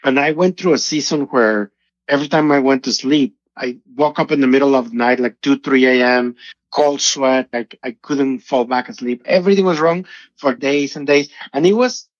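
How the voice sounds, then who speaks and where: A man's voice: medium pitch, normal speed, no echo. A middle-aged man, earnestly telling his personal testimony as an interview guest. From Mexico. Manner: earnest, emotional storytelling. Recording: dull lo-fi audio.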